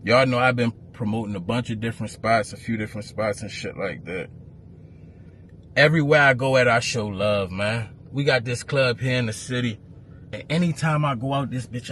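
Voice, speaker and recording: A man, an event promoter telling a story to camera as a profane, heated rant that grows louder. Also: mid-range voice, slight background noise.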